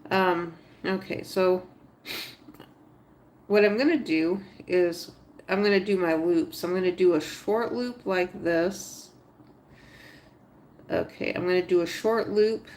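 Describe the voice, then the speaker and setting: A woman's voice: lowish voice, steady tone, takes it slowly, pauses often, a little mellow. A woman livestreaming a crochet tutorial, thinking aloud step by step, chatting with viewers and talking to her stitches. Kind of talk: casual live tutorial narration.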